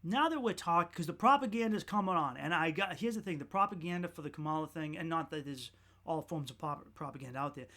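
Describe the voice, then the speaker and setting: A man's voice: a little high, animated, fast, pushed and bright. A man hosting a podcast, rambling in a profane, ranting monologue. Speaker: podcast host.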